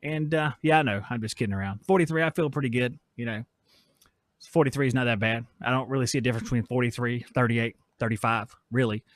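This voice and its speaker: A man's voice: medium pitch, quick pace, no echo, clean studio sound. A man in his forties hosting a casual live stream from his workshop, joking around and reading chat messages aloud. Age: 40s. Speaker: podcast host. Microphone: switches mics midway.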